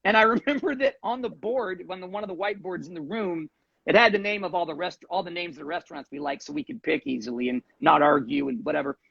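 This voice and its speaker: Gravelly, high-voiced man telling stories. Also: quick pace, no echo, muffled recording. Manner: animated anecdotes with acted quotes. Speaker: guest. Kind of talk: casual storytelling.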